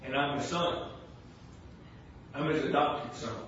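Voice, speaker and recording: Folksy preacher in an echoey church. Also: male voice, medium pitch, slow pace, slight background noise. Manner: folksy, repetitive, building to impassioned shouting. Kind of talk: fervent sermon. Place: church sanctuary. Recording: very echoey church sound from far off, dull.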